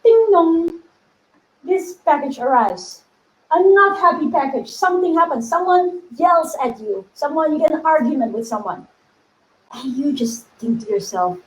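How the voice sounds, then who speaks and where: A woman spiritual coach talking to her viewers in a casual teaching video, animated, laughing often and acting out inner voices. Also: high-pitched, moderate pace, echoey room, low-quality recording.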